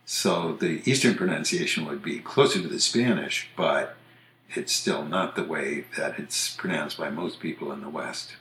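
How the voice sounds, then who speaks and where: With a bass voice that's fairly bright, an older man talks at a normal speed on his podcast about word pronunciations. A usage author, he's reflective and relaxed, with lots of fillers, and the room echoes.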